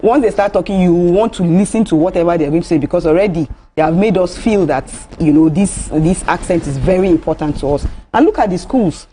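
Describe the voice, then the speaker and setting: A woman's voice: on the low side, a little fast, few pauses, mellow, slight background noise. A Nigerian woman co-hosting a TV talk show, telling anecdotes in a chatty way and laughing as she goes. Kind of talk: studio discussion, anecdotal.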